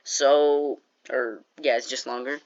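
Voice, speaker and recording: A YouTuber telling a casual story over gameplay, animated and jokey, with quick asides to the viewers. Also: medium pitch, dull audio.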